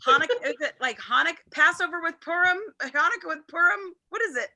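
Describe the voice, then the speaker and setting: A woman's voice: very high-pitched, animated, fast, bright, forceful tone, poor audio. A woman hosting a viewing party over a video call, chatting casually and trailing off mid-thought. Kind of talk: casual chat.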